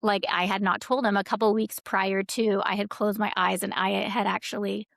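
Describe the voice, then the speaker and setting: Speaking at an ordinary pace with a mid-range, flat, slightly bright voice and some vocal fry, this podcast guest rambles through casual stories. She leans on fillers and quotes what people said, and the studio recording is clean without echo.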